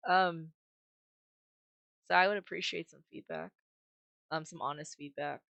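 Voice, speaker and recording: A woman game streamer with a gruff, slightly rough voice, chatting candidly and musing aloud in a low, somewhat pushed register. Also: animated, slow, bright, forceful tone, no echo. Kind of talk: casual stream chat.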